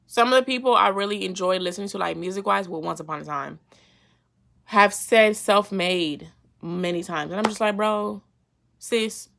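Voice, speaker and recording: A woman hosting her own faith vlog, talking in a lively, playful, slangy way and laughing often as she explains a Bible verse. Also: mid-range voice, gravelly. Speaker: faith vlogger. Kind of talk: casual devotional talk.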